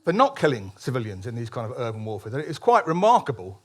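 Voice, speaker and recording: A man's voice: medium pitch, huge pitch swings, fast talker. A man, a columnist, giving a public speech at a political meeting, emphatic, with frequent restarts and ironic asides.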